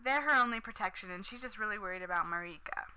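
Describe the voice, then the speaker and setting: A woman's voice: medium pitch, fast, pushed and bright, slight background noise, rough recording. A woman casually recapping a TV episode, chatty and enthusiastic, with lots of "um" and "like".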